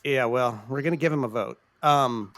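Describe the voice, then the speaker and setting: A man's voice: medium pitch, normal speed, a bit bright, slight background noise. A man co-hosting a podcast, chatting casually and laughing, swearing freely. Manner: casual and profane, laughs often. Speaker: podcast co-host. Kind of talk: casual chat.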